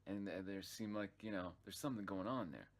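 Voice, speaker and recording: A man with a low voice tells a personal story in loose, unscripted narration. He swears often, loses his thread, and restarts his sentences. His delivery stays casual and conversational throughout. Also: fairly quick. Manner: rambling, swears freely, many restarts and fillers. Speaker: vlog narrator.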